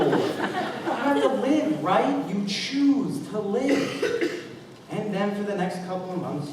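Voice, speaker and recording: A man's voice: sits high, natural voice. A man playing a wistful, rambling show-tune fan who confides in the audience, recorded from far off in an echoey school hall. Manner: musing, confiding, rising to exclamations. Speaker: stage actor. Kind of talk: school stage musical acting. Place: school auditorium stage. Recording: echoey hall, distant mic, noisy.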